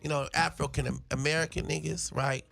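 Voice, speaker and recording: Gravelly, brash male comedian. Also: fairly high pitch, steady tone, fairly quick, over music. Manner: brash, profane, swings into loud shouted bits. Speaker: guest comedian. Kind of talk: casual interview chat.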